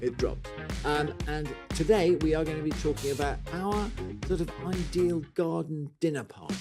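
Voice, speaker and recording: A jokey male podcast co-host who rambles on in a slightly higher-than-average voice. Faint music sits behind his casual chat. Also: moderate pace. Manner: rambling, jokey, self-mocking.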